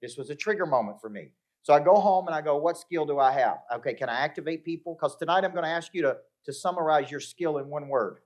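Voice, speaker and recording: A man's voice: a little high, fast. A middle-aged man giving a live motivational talk to an audience, telling stories with acted-out dialogue and checking in with the crowd. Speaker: motivational speaker. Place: live event before an audience.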